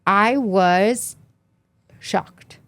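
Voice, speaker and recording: A woman's voice: medium pitch, extremely slow, fairly bright tone. A young woman co-hosting a podcast, recapping reality TV in casual chat and acting out quotes in many voices. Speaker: podcast co-host.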